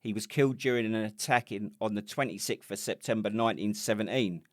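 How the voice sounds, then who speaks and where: Brief: middle-aged English man, lowish voice, rambling sweary podcast banter, dry close sound. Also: a little fast, no room sound. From England. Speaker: podcast co-host. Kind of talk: casual chat.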